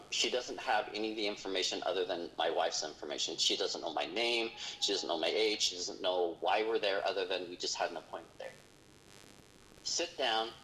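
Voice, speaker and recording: Low-voiced man telling a story. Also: bright, forceful tone, slight background noise, low-quality recording. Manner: earnest, retelling a story with quoted dialogue. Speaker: guest. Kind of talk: casual storytelling.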